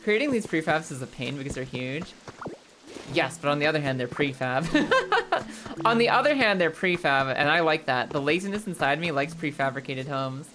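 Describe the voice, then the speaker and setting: A woman's voice: low-pitched, fairly quick. A woman livestreaming a game, chatting playfully with her viewers, joking and swearing freely. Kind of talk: casual gameplay commentary to a live chat. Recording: game music playing behind.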